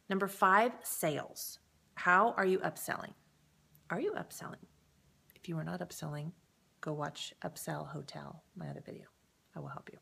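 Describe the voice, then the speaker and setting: A direct-sales presenter gives a casual sales training talk, upbeat and encouraging, speaking straight to the viewer and often checking in with them. Her voice is medium-pitched and fairly bright, with creakiness and a breathy edge.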